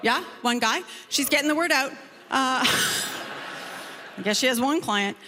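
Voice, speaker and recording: A woman comedian performing a stand-up set on stage, telling a story in a lively, conversational way. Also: sits high, slow pace, long reverb tail.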